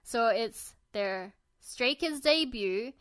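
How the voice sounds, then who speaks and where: A young woman co-hosting a podcast, talking in excitable, gushing bursts and laughing often. Her voice sits a little high and sounds close and dry, with no room around it. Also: slow, dry recording. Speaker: podcast co-host. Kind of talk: casual chat.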